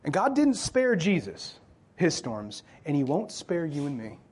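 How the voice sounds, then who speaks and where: A man with a notably high voice preaching in church. He talks loosely and conversationally, cracks jokes and keeps asking the congregation questions. The delivery feels like chatting with friends from the pulpit. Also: huge pitch swings, measured pace, darkish tone, breathy edge. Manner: conversational, joking, asks the crowd questions. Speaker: pastor. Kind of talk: sermon.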